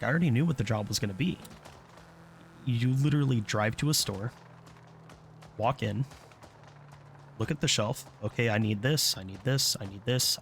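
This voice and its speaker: A man's voice: fairly low pitch, fairly bright tone, slight background noise. A man telling a casual, candid story in a vlog, blunt and profane, acting out what other people said. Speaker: vlogger.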